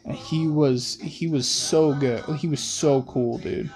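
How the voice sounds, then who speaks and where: A young man hosting a rambling late-night monologue in laid-back slang, with soft music playing behind him. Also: fairly high pitch, steady tone, slow pace. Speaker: host. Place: in a car.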